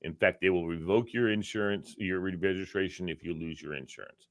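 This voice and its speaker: A man from Virginia, co-hosting a casual talk show, telling an animated story and acting out the quotes. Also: low-pitched, a little fast, no echo. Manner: animated, acts out quotes, laughs often. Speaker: podcast co-host.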